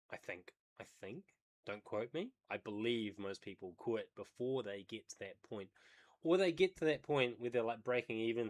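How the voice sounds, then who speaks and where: A man who day trades, livestreaming and thinking aloud as he comments on a video, hedging and explaining as he goes. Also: on the low side.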